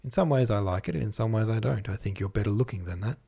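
A man's voice: on the low side, brisk, creaky, a little mellow, husky. A man voicing a weary, humble young working-class woman who speaks plainly and self-effacingly.

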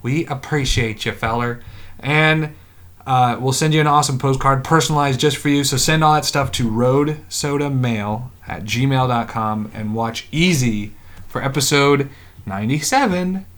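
A man's voice: medium pitch, normal speed, a bit bright. A man co-hosting a podcast, joking and chatting casually. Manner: joking, laid-back banter. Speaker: podcast co-host. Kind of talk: casual chat.

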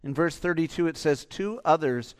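A man preaching in a high voice, his sermon rising into loud, urgent pleas before dropping to soft, hushed lines. He acts out quoted voices with growing intensity. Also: normal speed, clear, resonant tone. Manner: impassioned, swings from loud urging to soft near-whispers. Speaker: pastor.

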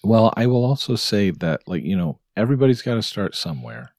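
A man's voice: lowish voice, sing-song, brisk, darkish tone, dry recording, clean studio sound. A man co-hosting a casual podcast who jokes about himself and laughs often. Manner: joking, self-deprecating, laughs often. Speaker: podcast co-host and producer. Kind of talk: casual chat.

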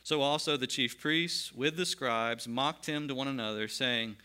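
A man's voice: medium pitch, unhurried, hardly any pauses, pushed and bright, smooth. A male pastor preaching a sermon and reading scripture aloud in an earnest, emphatic way.

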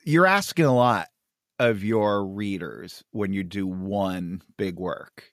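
A man casually discussing comic strips on a podcast, enthusiastic and quick to laugh. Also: low voice, no echo, studio quality. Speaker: podcast co-host. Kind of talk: casual chat about comics.

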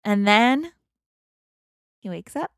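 A woman's voice: medium pitch, takes it slowly, no echo, studio quality. A woman casually retelling a movie plot in a comedy podcast, acting out the characters' lines, with lots of "like" fillers. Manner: animated storyteller, acts out quotes, lots of "like". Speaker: podcast co-host.

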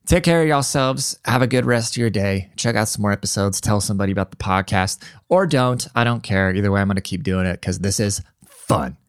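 A man's voice: on the low side, fairly even intonation, fairly quick, clean tone, dry recording, studio quality. Blunt, profane male podcast host. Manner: blunt, profane, exasperated ranting. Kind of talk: casual ranting commentary.

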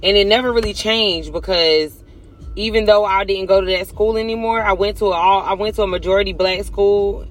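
A man's voice: high voice, fairly even intonation, a little fast, soft background music. A man talking casually to his viewers in a blunt, profane, emphatic confessional monologue. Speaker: vlogger.

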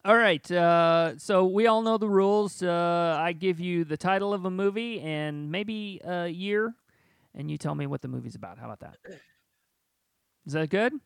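A man's voice: high voice, moderate pace, creaky, clear, resonant tone, dry recording, clean studio sound. A man hosting a casual podcast game among friends, laughing often as he sets up the rounds. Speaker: podcast host running a movie game.

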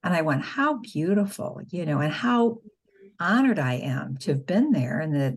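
With a voice that sits low, has a sing-song lilt and a breathy edge, a middle-aged nurse and pro-life spokeswoman tells patient stories at a moderate pace. The interview is conversational, and she earnestly acts out the dialogue.

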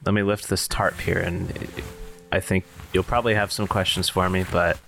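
A man's voice: low voice, level tone, moderate pace, gravelly, a bit bright, faint music behind, voice pushed down. A man doing a put-on Australian mouse hustler. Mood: pleading. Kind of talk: improv comedy scene.

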